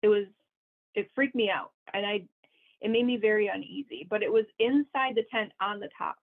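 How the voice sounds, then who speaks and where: A young woman from Wisconsin talks as a guest in a loose, chatty way, often laughing and leaning on fillers. Her voice sits at a middle pitch. It comes through a thin, tinny line that sounds like a phone call. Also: moderate pace. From Wisconsin, USA. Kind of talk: casual storytelling.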